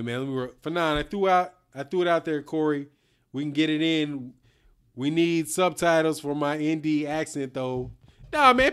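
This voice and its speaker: Middle-aged male stream host, slightly high, resonant voice, blunt, slangy and animated. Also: smooth. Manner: blunt, animated slang-heavy talk, reads out super chats. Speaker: boxing channel host. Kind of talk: live-stream commentary.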